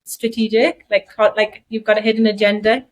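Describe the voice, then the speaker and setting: A woman's voice: medium pitch, level tone, brisk, faint music behind, rough recording. A woman with a Geordie accent co-hosting a podcast, chatting casually and thinking aloud with many asides. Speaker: podcast co-host.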